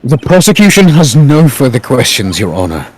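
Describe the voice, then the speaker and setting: A man voicing a composed male prosecutor who speaks in a measured way, in a fan dub of a game. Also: medium pitch, big pitch swings, darkish tone, husky.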